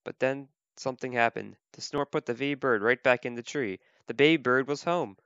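A man reading a children's picture book aloud as a volunteer, gentle, slow and clear. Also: mid-range voice, dry recording. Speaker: volunteer reader. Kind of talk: children's storybook read-aloud. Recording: dull, lo-fi dry recording.

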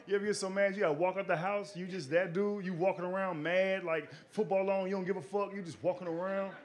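A man's voice: sits high, steady tone, quick pace. A man performing a stand-up comedy set on a club stage, telling a loose, slangy story and acting out the quotes. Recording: live club recording with noisy room. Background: audience laughter.

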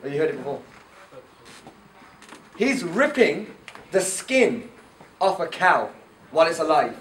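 A man tells stories and fires questions at a room of teenagers. His voice sits fairly high. He is picked up from far off in an echoing hall with a faint hiss behind him. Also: unhurried. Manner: animated storyteller, quizzes the audience. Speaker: camp speaker. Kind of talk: lecture to teenagers at a youth camp. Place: indoor camp hall. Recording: echoey room, far from the mic, faint noise.

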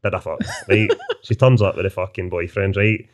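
A Scottish man telling sweary, animated anecdotes in casual interview chat, dropping "man" into nearly every sentence. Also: deep voice, brisk. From Scotland. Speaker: author guest.

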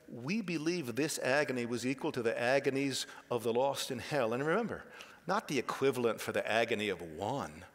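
Male pastor, mid-pitched, impassioned sermon delivery that drops to a hush and then rises loud; long hall reverb. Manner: impassioned, swings from hushed to loud. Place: church sanctuary.

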